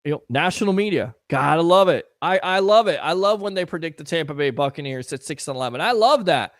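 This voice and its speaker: A man's voice: on the high side, animated, fast talker, no room sound, studio quality. A man hosting a casual sports talk show, riffing sarcastically and chatting with listeners.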